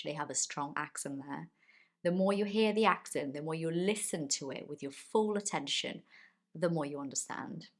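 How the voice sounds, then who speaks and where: A woman English teacher, a native Portuguese speaker, giving a friendly, encouraging video lesson and slowly stretching key words for emphasis. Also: low-pitched.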